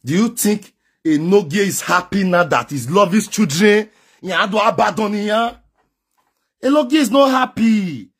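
A man's voice: high voice, animated, unhurried, fairly bright tone, slightly rough. A man with a Nigerian Pidgin accent giving emphatic, lecturing advice to camera, often raising his voice. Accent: Nigerian Pidgin English. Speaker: social media commentator. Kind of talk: direct-to-camera advice monologue.

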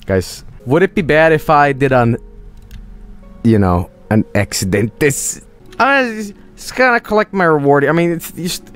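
A man's voice: fairly high pitch, sing-song, normal speed, faint music behind. A man streaming a game, joking around casually and slipping into silly voices. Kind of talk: casual gameplay commentary.

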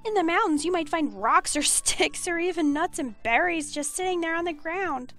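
A woman voicing a kindly, doting old granny who talks in a high, sing-song, fussing way. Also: lively intonation, normal speed, fairly bright tone.

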